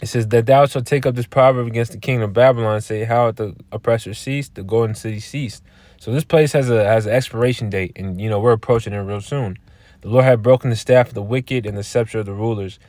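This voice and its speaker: A man giving informal scripture teaching in a blunt, halting way. He repeats words and keeps asking "all right?". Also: medium pitch, steady tone, a little mellow, dry recording. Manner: blunt, profane. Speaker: religious teacher.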